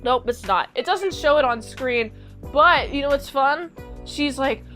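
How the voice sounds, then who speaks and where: Brief: casual woman reviewer, high voice, rambly and slangy, faint music underneath. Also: unhurried, fairly bright tone. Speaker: show reviewer. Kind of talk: casual episode recap.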